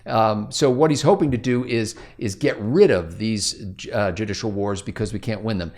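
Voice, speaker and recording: A man's voice: on the low side, normal speed, darkish tone. A man co-hosting a casual planning meeting, telling stories in a wry, rambling way. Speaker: co-host.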